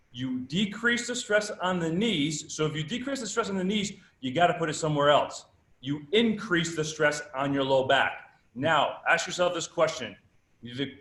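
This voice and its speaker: A man with a fairly high voice delivers an emphatic fitness workshop lecture. He keeps putting rhetorical questions to the room and answering them himself. The sound comes from an echoey event space. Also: a bit bright. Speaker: presenter at a fitness summit. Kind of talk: live workshop lecture with demonstration.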